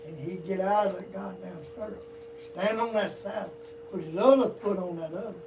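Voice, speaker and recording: An older man with a drawl spins rambling, profanity-laced yarns, his voice sitting fairly high for a man. He sounds set back from the mic, with plenty of room noise around him. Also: moderate pace, gravelly. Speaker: storyteller guest. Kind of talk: casual storytelling. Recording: distant mic, noisy room.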